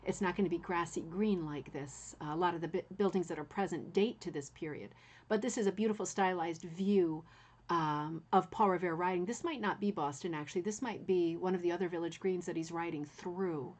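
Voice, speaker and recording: A woman's voice: fairly low pitch, fairly quick, darkish tone. A woman hosting a rug hooking channel, talking viewers through a bit of history in a chatty way, with many fillers and "right?" asides. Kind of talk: casual history talk to viewers.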